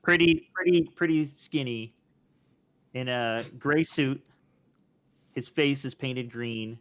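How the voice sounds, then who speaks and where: Male game master, mid pitch, steady, measured tabletop narration.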